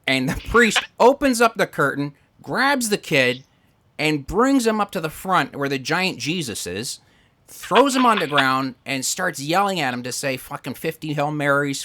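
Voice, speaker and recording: Male podcast host, bright tone, loose crude storytelling in casual chat. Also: mid-range voice, animated, measured pace.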